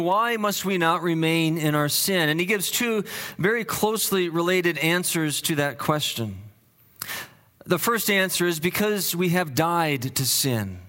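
A male pastor preaching a sermon, teaching earnestly with frequent restarts and fillers, dropping low and slow to stress key points. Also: bright, forceful tone. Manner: drops low and slow for emphasis.

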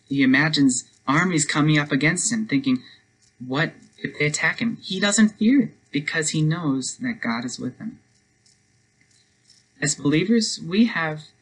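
A man's voice: a little high, a bit bright, husky, low-quality recording. A man preaching a devotional sermon, telling a story earnestly and then leading a prayer. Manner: earnest storytelling, speeds up for quoted lines.

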